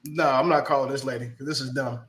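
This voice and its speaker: A man's voice: medium pitch, steady tone, quick pace. A man on a live panel, joking and teasing the host in casual chat. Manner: teasing, jokey. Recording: echoey room with faint noise.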